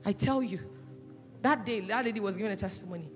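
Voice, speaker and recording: A woman pastor preaching a sermon with passion, swinging between loud cries and hushed asides. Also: medium pitch, quick pace. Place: church hall. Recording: echoey church hall, with faint music.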